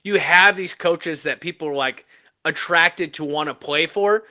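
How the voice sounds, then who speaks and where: A man co-hosting a sports podcast, talking in a casual, emphatic and animated way. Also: fairly high pitch, measured pace. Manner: animated, emphatic rants with laughs. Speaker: podcast co-host.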